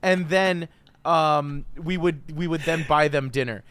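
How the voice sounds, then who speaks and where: A man's voice: fairly high pitch, a little slow, fairly bright tone, clear, resonant tone, no room sound. A young man co-hosting a podcast, telling a college story with lots of fillers and laughter. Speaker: podcast co-host. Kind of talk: casual chat.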